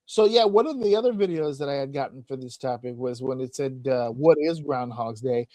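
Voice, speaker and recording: A podcast host with a medium-pitched voice talks fairly quickly in a recording with no echo. He tells funny stories in casual chat, animatedly acting out voices and laughing often.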